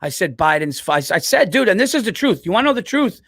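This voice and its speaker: High-voiced man in profane podcast banter. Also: rapid-fire, breathy edge, no echo, studio quality. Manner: profane, animated storytelling with impressions. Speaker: podcast co-host. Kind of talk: casual chat.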